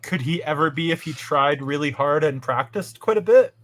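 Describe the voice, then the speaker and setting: A man's voice: fairly high pitch, animated, moderate pace, a bit bright. A Canadian man chatting casually and wryly while streaming a game. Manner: bantering, wry, rambling. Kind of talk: casual gaming chat.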